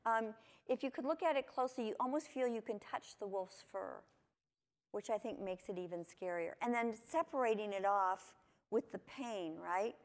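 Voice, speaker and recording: A woman giving a lively conference talk to teachers, asking her audience lots of questions. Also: mid-range voice, normal speed. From United States. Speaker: conference presenter. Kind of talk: lecture to teachers. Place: conference hall.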